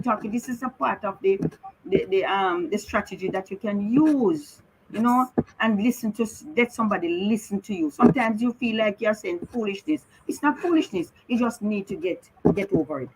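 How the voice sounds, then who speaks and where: A middle-aged Jamaican woman speaks on the radio as a mother who has lost a child, earnestly and repeatedly urging listeners in an emotional appeal. Her voice is fairly high, and the low-quality recording carries slight background noise.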